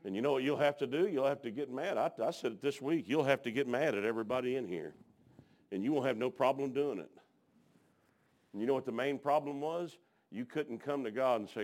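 A man's voice: mid-range voice, expressive, normal speed. A middle-aged man, preaching a sermon in a folksy, colloquial, fervent storytelling style.

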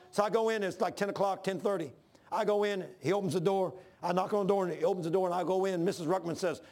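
A man's voice: high-pitched, rapid-fire, darkish tone. An older man preaching a sermon, mixing scripture with folksy, plain-spoken stories. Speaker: pastor.

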